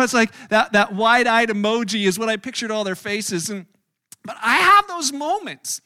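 A middle-aged man, a pastor, preaching a sermon through animated, self-mocking stories with acted-out quotes. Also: very high voice, moderate pace. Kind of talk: storytelling sermon.

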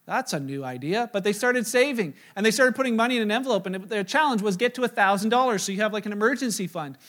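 High-voiced pastor telling a lively story. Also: male voice, very fast. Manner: animated storytelling, acts out his own quoted lines, self-mocking. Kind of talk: sermon with personal story.

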